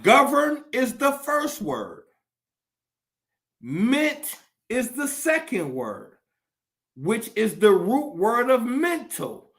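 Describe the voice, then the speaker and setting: Male commentator, high-pitched and bright, profane and impassioned, preaching in rhetorical questions. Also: huge pitch swings, very slow, long pauses. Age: adult. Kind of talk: impassioned monologue.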